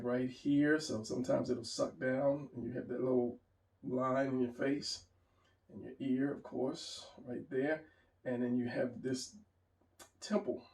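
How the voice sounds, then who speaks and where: Recorded in a roomy space from a distant mic, a man with a mid-range, gravelly, darkish voice teaches a casual drawing lesson. He has the hiccups and rambles, restarting as he works through the drawing aloud.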